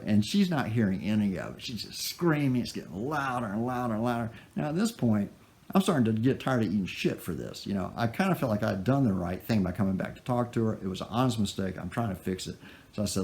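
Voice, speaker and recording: A man's voice: on the low side, brisk. A man telling a funny personal story, chuckling as he goes. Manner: animated, chuckles while telling. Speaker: guitar maker telling a story. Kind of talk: told personal anecdote.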